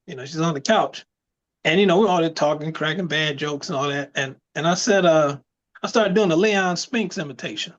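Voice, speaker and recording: A man's voice: a little high, fairly quick, dull audio. A man co-hosting a casual chat show, telling stories with lots of laughter. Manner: storytelling, animated, laughs often. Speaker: podcast co-host.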